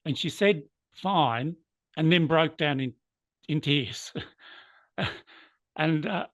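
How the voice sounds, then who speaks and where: A man's voice: fairly high pitch, slow pace, a bit bright, dry recording. Earnest man telling a workplace story. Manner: earnest, moved to emotion at times. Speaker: interview guest. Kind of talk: reflective storytelling.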